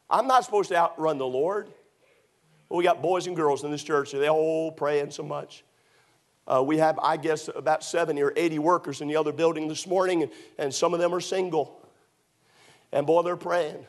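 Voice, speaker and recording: Emphatic middle-aged preacher man, higher voice. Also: normal speed. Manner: emphatic, storytelling, surges to shouts. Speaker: pastor. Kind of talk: sermon.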